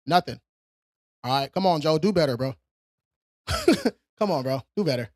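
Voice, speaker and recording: A man's voice: fairly high pitch, lively intonation, normal speed, a little mellow, no echo, clean studio sound. A man hosting a live stream, reading viewers' questions aloud and answering them in a casual, streetwise way. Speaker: credit repair livestream host.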